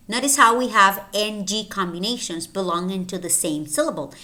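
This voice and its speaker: A woman teaching English pronunciation, saying each example word slowly and clearly, often twice. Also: mid-range voice, pushed and bright. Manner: slow, deliberate, repeating each word twice. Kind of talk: phonetics lesson with word drills.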